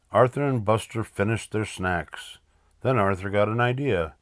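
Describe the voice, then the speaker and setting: An older man reading a children's picture book aloud in a lively, expressive way. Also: fairly low pitch, normal speed, dry recording, studio quality. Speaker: storyteller.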